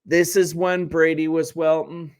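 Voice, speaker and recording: A man's voice: fairly high pitch, level tone, measured pace, clear, resonant tone. A man hosting a sports channel, talking casually to the camera in a chatty, wry way with joking asides and self-corrections.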